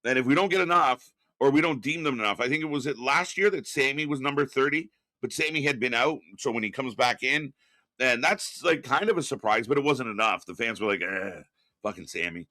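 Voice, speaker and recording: A man's voice: mid-range voice, brisk, bright, forceful tone, dry recording. A middle-aged man hosting a live stream from home, casually chatting, reading viewer messages and greeting people, with lots of fillers and some swearing. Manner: reads chat messages aloud and greets viewers; rambling with frequent fillers and restarts. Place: home studio.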